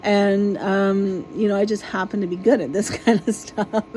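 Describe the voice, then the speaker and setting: A woman delivers an exasperated, casual rant straight to her viewers, swearing freely as she goes. Her voice is mellow and warm at an ordinary pitch, with a faint hiss of background noise under it. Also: fairly even intonation, normal speed, rough recording. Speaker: vlogger. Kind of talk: casual ranting monologue.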